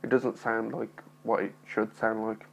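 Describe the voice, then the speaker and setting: Young male vlogger, gravelly, mild speech impediment, shy and apologetic, recorded on a phone. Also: fairly low pitch, level tone, a little slow, low-quality recording. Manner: nervous, apologetic, rambling with many fillers. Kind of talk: casual talking-to-camera vlog.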